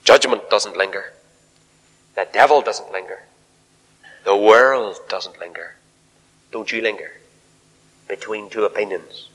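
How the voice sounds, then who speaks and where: A man preaching a fiery revival sermon in a large church hall, swinging from shouted appeals to hushed near-whispers. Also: on the low side, unhurried, long pauses, breathy edge.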